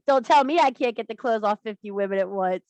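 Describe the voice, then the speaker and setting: A middle-aged women's circle leader runs a workshop on a video call, her voice on the high side with a darkish tone. She speaks casually, bluntly, and emphatically, swearing a lot. No echo is present.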